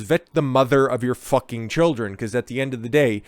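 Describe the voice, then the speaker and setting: A man's voice: mid-range voice, a little fast, few pauses, dry recording. A man hosting a ranting commentary on a news story, profane, sarcastic and scornful as he talks. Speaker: commentary host.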